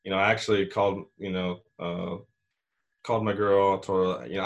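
Young male storyteller, lowish voice, rambling casual delivery. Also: level tone, moderate pace, creaky. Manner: rambling, frequent "like" and "you know", swearing. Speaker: hunter telling a story.

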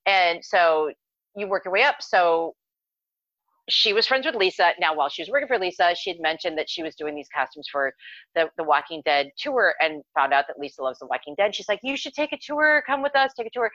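A woman on a podcast spinning a story in loose, casual chat, excitable and quick to curse. Her voice is bright and forward. The sound is dry and a little dull, like a lo-fi home recording. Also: fairly low pitch, dry recording. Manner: excitable and animated, swearing casually. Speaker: podcast co-host.

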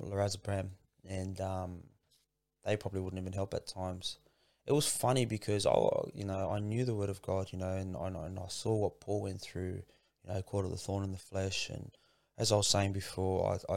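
A man with a low, gravelly voice talks as a podcast guest. He speaks earnestly and informally, stumbles over repeated words as he tells his story, and the sound is close and dry. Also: little pitch movement, normal speed, darkish tone, dry recording. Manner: earnest, repeats words and restarts often, says "man" and "bro". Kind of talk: casual heartfelt interview.

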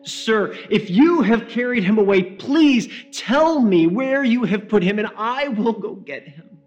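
A man voicing a grieving woman disciple who cries out, within a slow sermon retelling. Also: sits high, lively intonation, a little mellow, lo-fi sound, faint music behind. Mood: pleading. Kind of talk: sermon storytelling.

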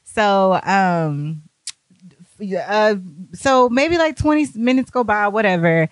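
A young woman telling a party story, animated and profane, acting out what people said. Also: mid-range voice, slow pace, no echo. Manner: animated, profane, acts out quotes. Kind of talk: casual storytime.

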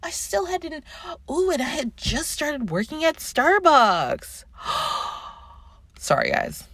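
Woman, thirties, podcast host; chatty and sidetracked, very lively pitch, dry close sound. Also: takes it slowly, no echo. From Canada. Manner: chatty, animated, swearing and sidetracked. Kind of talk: casual chat.

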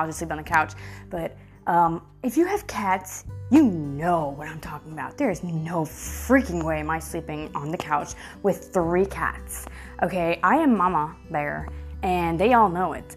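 A woman in her thirties talks straight to her viewers, telling a story in a loose, chatty way with lots of fillers. Her voice sits a little low for a woman, and her talk turns lively and emphatic at times. Faint music plays quietly behind her. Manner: chatty and animated, many fillers, swears, laughs often. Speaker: vlogger. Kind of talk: casual storytelling to camera.

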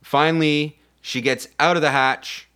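A man's voice: fairly high pitch, measured pace, clear, resonant tone. A man co-hosting a podcast, casually and profanely recapping a film and acting out characters as he goes. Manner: animated, profane, acts out characters. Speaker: podcast co-host. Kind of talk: casual comedic movie recap.

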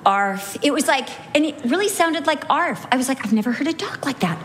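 A middle-aged woman gives a Bible teaching in an animated storytelling voice, stretching out words for emphasis. Her voice sits a little higher than most, with a faint noise floor under it. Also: quick pace. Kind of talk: sermon teaching with anecdotes.

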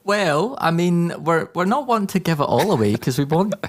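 A man's voice: a little high, very animated, normal speed. A man hosting a radio interview, jokey and informal, teasing his guest as he asks about her song. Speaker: radio host.

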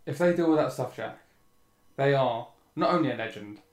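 A man's voice: medium pitch, lively intonation, normal speed, darkish tone. A man co-hosting a football podcast, chatting casually and teasing his co-host. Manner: teasing, banter. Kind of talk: casual chat. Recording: echoey room.

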